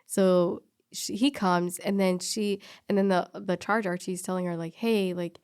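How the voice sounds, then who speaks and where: Woman, animated storyteller, acts out dialogue, laughs often, casual chat. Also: on the low side, normal speed, clean tone.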